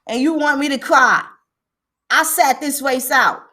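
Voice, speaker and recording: A woman hosts a livestream, ranting emphatically with plenty of swearing and greeting viewers by name. Her voice sits high and has a sharp tone, and she speaks a little slowly.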